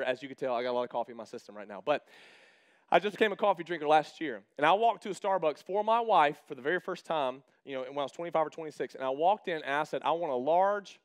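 A man in his thirties preaching a casual sermon as a pastor, chatty and humorous, acting out quoted exchanges in his stories. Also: fairly high pitch.

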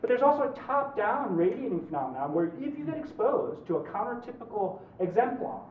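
A man in his forties, a law professor giving a conversational lecture, animated and joking, with quick asides. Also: sits high, a little hiss or hum. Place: large lecture hall. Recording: roomy, distant, dull hall recording.

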